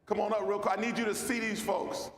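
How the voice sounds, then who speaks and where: High-voiced man, folksy, in an echoey hall. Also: little pitch movement, fast, slight background noise. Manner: loose, folksy, calls out to the crowd. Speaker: founding mayor and speaker. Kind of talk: lively speech at a luncheon. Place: large banquet hall. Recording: echoey hall with long reverb.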